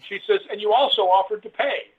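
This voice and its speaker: A man on a tinny phone line tells a rambling story with lively quoted dialogue. His voice is husky and sits a little high. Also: a little fast. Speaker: guest author. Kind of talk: casual storytelling interview. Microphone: phone call.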